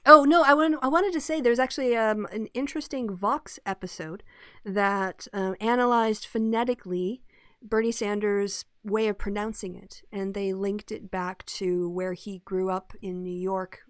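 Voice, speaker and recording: A woman's voice: mid-range voice, steady tone, normal speed, clear, resonant tone, no room sound, studio quality. A woman co-hosting a casual political chat show, talkative, laughing often and drifting into tangents. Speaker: podcast co-host.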